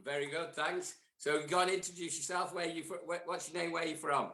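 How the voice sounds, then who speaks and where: A man hosting a podcast, chatting with guests in quick, jokey banter. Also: fairly high pitch, fairly even intonation, bright, forceful tone. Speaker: podcast host. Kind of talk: casual on-the-floor interviews. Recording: echoey hall.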